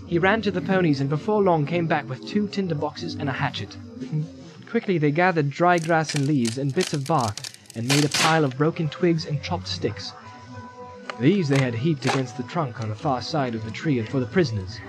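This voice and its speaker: Guy reading a fantasy audiobook, dramatic and measured, slightly high voice, music score behind. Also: low-quality recording. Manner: measured, vivid storytelling. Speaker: audiobook narrator.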